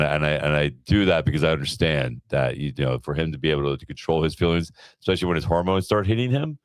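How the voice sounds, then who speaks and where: A man with a very low voice talks fast in a dry, close recording. He co-hosts a casual chat podcast, swears freely and laughs a lot. When he retells a story, his voice shoots up high. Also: no room sound. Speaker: podcast co-host.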